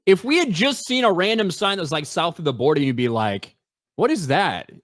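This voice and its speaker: A man's voice: fairly high pitch, sing-song, fairly quick, fairly bright tone, no echo, clean studio sound. A man hosting a podcast, talking casually in a brash, profane, mocking way. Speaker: podcast host. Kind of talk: casual chat.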